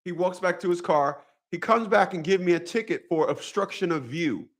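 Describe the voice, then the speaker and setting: A man's voice: high-pitched, normal speed. A man talking straight to his viewers in a casual monologue, profane and repetitive, with a preachy storytelling manner. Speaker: vlogger.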